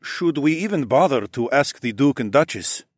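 A man voices an earnest, practical companion in a lightly acted performance. His medium-pitched voice has lively intonation and a normal pace, and it's pushed up in a clean studio recording with no echo.

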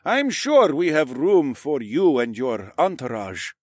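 A man voicing a self-assured noble lord in an audiobook, speaking slowly with an amused edge. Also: on the high side, huge pitch swings, a little mellow, no room sound, clean studio sound, pitched above the performer's own voice, heavily acted. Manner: slow, chuckling.

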